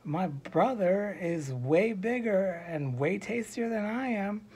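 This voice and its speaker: A man's voice: sits high, expressive, slow, a little mellow, breathy edge, pitched above the performer's own voice, exaggerated voice. A man voicing a mean, stinky medium-sized goat pleading for its life in a storybook tale.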